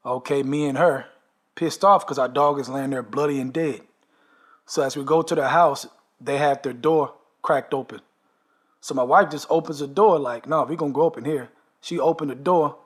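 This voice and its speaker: A man telling a long story in a casual, emphatic way, often tagging his sentences with "man" and "okay". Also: on the high side. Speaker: storyteller recounting a dream. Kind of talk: casual monologue.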